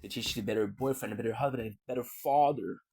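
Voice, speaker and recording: Gravelly man rambling on a vlog. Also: medium pitch, rapid-fire, a little mellow. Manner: rambling, with frequent restarts and repeated words. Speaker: vlogger. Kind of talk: casual rambling livestream talk.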